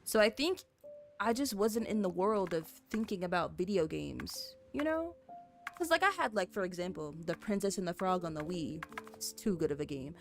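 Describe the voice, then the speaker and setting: A woman's voice: lowish voice, lively intonation, moderate pace, soft background music. A young woman streamer, rambling casually to her chat while building in a game, full of "like" and "you know". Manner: rambly, lots of "like" and "you know", apologetic and chatty with viewers.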